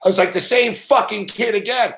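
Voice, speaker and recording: Profane, animated betting show host. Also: male voice, sits high, fairly quick, creaky. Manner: profane, animated storytelling with mock outbursts. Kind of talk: live late-night betting commentary.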